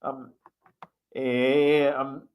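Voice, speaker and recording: A man's voice: mid-range voice, flat delivery, drawn-out words, smooth, lo-fi sound. A man co-hosting a sports stream, reading game stats with playful asides. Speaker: co-host. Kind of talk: sports recap.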